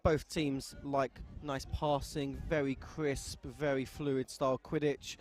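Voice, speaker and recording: A man's voice: mid-range voice, flat delivery, slow, a little mellow, faint music behind. A man doing live sports commentary, teasing his co-host with dry humor and banter.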